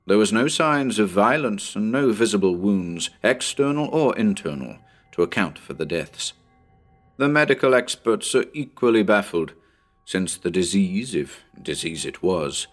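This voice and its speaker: A man reading a short story aloud in an expressive, measured narration. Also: lowish voice. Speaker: audiobook narrator.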